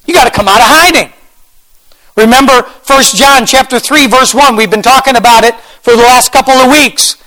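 A man preaching a fervent sermon, repeating phrases and rising into shouts. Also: very high-pitched, moderate pace, low-quality recording. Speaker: pastor.

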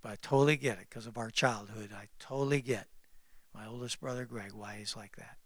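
A man preaching a sermon as pastor, emphatic and repetitive, calling out to the congregation and swinging between loud exclamations and hushed confiding. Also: medium pitch, a little fast, no echo. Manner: repeats phrases and calls out to the congregation.

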